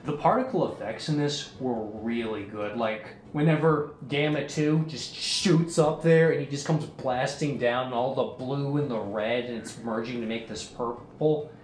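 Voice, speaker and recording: A man's voice: medium pitch, moderate pace, hardly any pauses, a little mellow. A man co-reviewing a movie in casual chat, rambling through scenes and swearing casually. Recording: roomy with faint noise.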